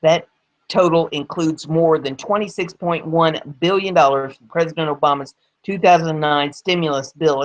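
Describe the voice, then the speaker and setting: A woman's voice: deep voice, low-quality recording. A woman hosting her own news show, reading articles aloud and adding sarcastic, emphatic commentary. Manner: sarcastic, emphatic on key words.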